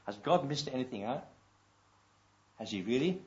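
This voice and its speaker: A man preaching a sermon. He reads scripture slowly and with emphasis and asks the congregation rhetorical questions. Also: medium pitch, expressive, darkish tone. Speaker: pastor. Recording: dull lo-fi recording.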